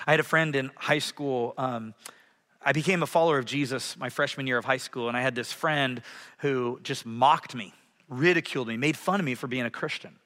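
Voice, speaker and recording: A man preaching a sermon as a pastor in a church, animated, swinging from loud passages to hushed ones. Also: medium pitch, a little fast. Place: church sanctuary. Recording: hall reverb.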